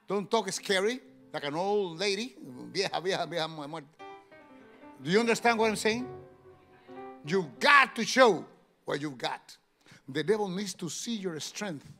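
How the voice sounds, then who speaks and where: A male pastor preaching a sermon in an emphatic way, rising to loud exclamations. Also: high voice.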